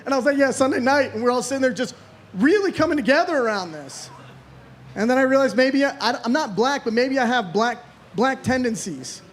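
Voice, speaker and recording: A man's voice: very high voice, lively intonation, a little fast. A man in his thirties from Florida doing a rambling, self-deprecating stand-up set, swearing freely. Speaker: stand-up comedian.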